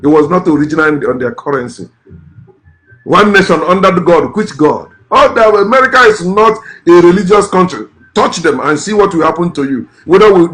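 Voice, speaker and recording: Vlogger, man, fairly high voice, blunt and scornful political rant. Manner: blunt, scornful, repeats curses. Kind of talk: ranting political commentary.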